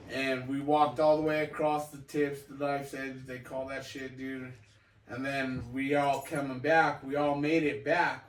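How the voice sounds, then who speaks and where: A man telling a wild story in casual podcast chat, swearing and laughing often. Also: mid-range voice. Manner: laughing, profane, drawn-out storytelling. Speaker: podcast co-host. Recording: echoey room, distant mic, noisy.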